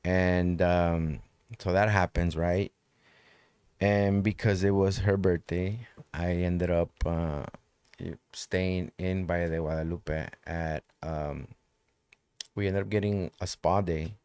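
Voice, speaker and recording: A man's voice: low-pitched, steady tone, takes it slowly, darkish tone, clear, resonant tone, dry recording. A man telling a personal story in casual conversation, loose and profane, repeating phrases for emphasis.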